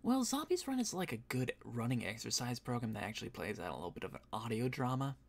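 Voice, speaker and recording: A man who voice acts, chatting casually on a stream, rambling with fillers and soft laughs, a bit tired and yawning. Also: medium pitch, big pitch swings, fast talker, creaky. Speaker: voice actor and streamer.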